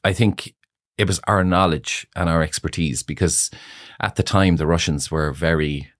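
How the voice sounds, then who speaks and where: Very deep-voiced man telling stories. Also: moderate pace, no echo, clean studio sound. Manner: chatty, laughs often, many fillers like "you know". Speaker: salon owner, guest. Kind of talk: casual interview storytelling.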